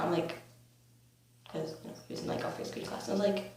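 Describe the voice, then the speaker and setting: A young woman in her teens telling a storytime vlog in a rambling, filler-heavy way with bursts of excitement, recorded on a camera mic at home. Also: on the low side, a little fast. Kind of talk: storytime vlog, casual chat. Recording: very echoey room, faint hum.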